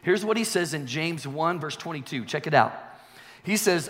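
High-voiced emphatic male pastor preaching. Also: lively intonation, normal speed, fairly bright tone. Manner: emphatic, repeats key phrases, calls for congregation response. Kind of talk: sermon. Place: church sanctuary. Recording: long reverb of a large hall.

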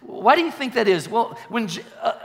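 Preaching in an extremely high, gravelly voice with big pitch swings, this male pastor keeps a brisk pace. His emphatic sermon repeats key phrases and urges the congregation to respond, with the long reverb of a large church sanctuary around him.

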